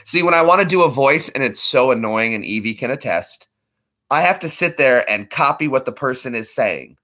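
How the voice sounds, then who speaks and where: A man's voice: mid-range voice, animated, normal speed, sharp tone. A man chatting casually in a vlog, rambling and laughing between attempts at impressions. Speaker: vlogger.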